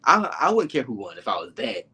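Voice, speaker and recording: A man co-hosting a casual reality TV review chat, campy and animated, laughing often and jumping to shrieking high asides. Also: brisk, a little hiss or hum. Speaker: podcast co-host reviewing reality TV.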